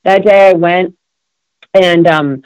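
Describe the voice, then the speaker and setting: A woman's voice: lowish voice, fairly even intonation, takes it slowly, a little mellow, dry recording. An emotional woman shares her recovery story as an interview guest. She speaks with feeling, circles back on her words and leans on many fillers. The recording is muffled and completely dry, with no room sound.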